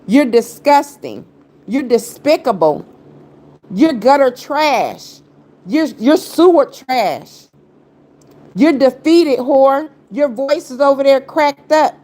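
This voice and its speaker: Heated, taunting woman livestreamer. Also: fairly high pitch. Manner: confrontational, repetitive, taunting; heavy slang, talks straight at viewers. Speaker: livestreamer answering critics.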